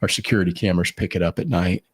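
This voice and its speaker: A man's voice: low voice, fairly even intonation, racing, husky. A man co-hosting a podcast, telling rambling stories with many fillers in casual chat. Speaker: podcast co-host.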